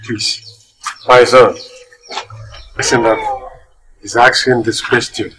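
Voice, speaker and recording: An actor with a Nigerian accent playing a blind, remorseful older man who talks slowly and pleads. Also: medium pitch, flat delivery, a bit bright, breathy edge, rough recording. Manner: slow, pleading.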